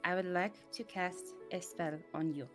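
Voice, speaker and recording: A woman's voice: lowish voice, moderate pace, fairly bright tone, faint music behind. A woman playing a tabletop role-playing game, chatting casually, laughing often and describing her character vividly. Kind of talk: casual role-play chat.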